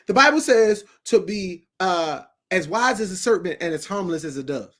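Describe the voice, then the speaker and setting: A man's voice: sits high, animated, moderate pace, a bit bright. Emphatic preachy man. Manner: preachy and emphatic, acts out quoted voices. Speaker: talk show guest. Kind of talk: preachy casual talk.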